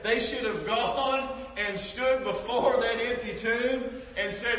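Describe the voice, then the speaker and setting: Fervent high-voiced preacher in a hall. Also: male voice, lively intonation, a little slow, hardly any pauses. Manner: passionate, repeats words, swings from loud to hushed. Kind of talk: sermon. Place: church sanctuary. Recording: echoey hall from far off.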